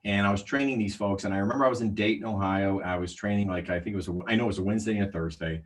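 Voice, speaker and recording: A middle-aged man, a sales trainer, telling a story on a livestream in an animated way and acting out the voices of the people in it. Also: lowish voice, rapid-fire. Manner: animated, acts out quoted voices.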